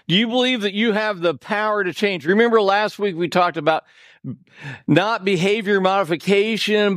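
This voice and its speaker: A man from Indiana delivers a sermon from the pulpit, weaving joking asides to his congregation into the message. His voice sits high, his delivery unhurried and deliberate. The sound is dry and close, with little room behind it. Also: fairly bright tone, no echo. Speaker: pastor. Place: church sanctuary.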